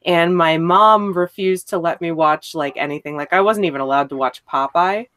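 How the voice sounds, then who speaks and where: A woman speaking in a relaxed, blunt way, swearing casually. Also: on the low side, normal speed, a little hiss or hum. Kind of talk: casual chat.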